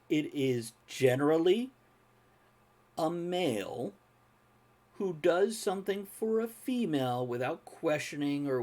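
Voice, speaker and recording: A man hosting a casual podcast chat, talking in an animated way, laughing often and swearing freely. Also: mid-range voice. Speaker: podcast host.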